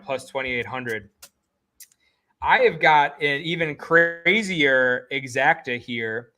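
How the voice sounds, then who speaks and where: An excitable man co-hosting a casual sports betting chat, with a slightly high voice. He jokes around and talks in rapid bursts of hype. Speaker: podcast co-host.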